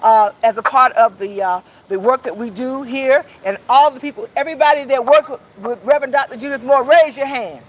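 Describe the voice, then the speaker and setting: A woman with a very high voice addresses a press conference like a rally. She leads call-and-response chants with a rousing, preacher-like drive. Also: brisk, hardly any pauses, slight background noise, rough recording. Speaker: coalition leader speaking at a press conference.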